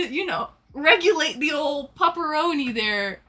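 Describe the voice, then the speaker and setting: A Canadian woman with a Canadian accent, chatting excitably on a live stream as she reads out her chat. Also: sits high, slow, soft background music.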